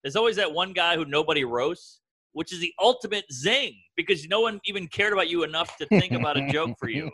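A man in his thirties from the American South, a comedian chatting on a podcast, telling animated stories and acting out other people's voices. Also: a little high, fairly quick, slightly rough, low-quality recording. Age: 30s. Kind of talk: casual podcast chat.

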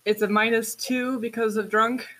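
A woman's voice: a little high, little pitch movement, normal speed, a bit bright, poor audio. A woman playing a tabletop game, talking hesitantly with many fillers. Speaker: player. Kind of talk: tabletop game play, casual chat.

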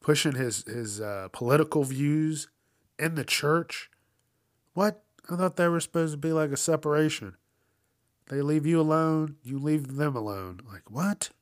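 A man's voice: fairly high pitch, unhurried, no echo, studio quality. A man hosting a casual news commentary show, swearing often and ranting with frequent laughs. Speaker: host.

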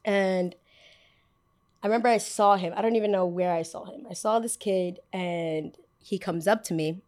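This voice belongs to a young woman in her twenties who hosts a podcast and tells a story in loose, chatty fashion. She is animated and sassy, and she acts out what she said back then as she goes. Her pitch is in the middle range. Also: moderate pace. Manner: animated and sassy, acting out her own past lines. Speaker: podcast host. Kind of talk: storytelling in casual chat.

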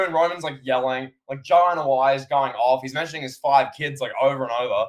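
A man's voice: medium pitch, a little fast. A male podcast co-host with a mid-range voice, talking casually and with enthusiasm. He keeps turning to his co-host by name and speaks in a loose, chatty way.

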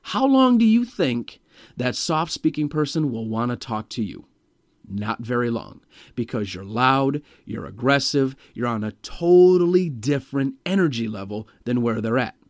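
A man delivers a sales-training lesson on vocal tonality with an emphatic, direct manner. His voice sits at a middling pitch for a man. The recording is dry and close, with little room sound. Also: lively intonation, moderate pace, no room sound. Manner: demonstrates pitch and volume by example, emphatic and direct. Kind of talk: instructional talk on vocal tonality.

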